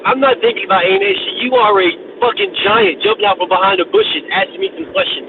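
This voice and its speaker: A man with a high, lively voice rants about boxing in casual, profane chat, repeating phrases as he builds his case. He comes through a thin, phone-like line with steady noise behind him. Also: fast. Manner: animated, profane, repeats himself and restarts. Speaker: boxing talk show co-host.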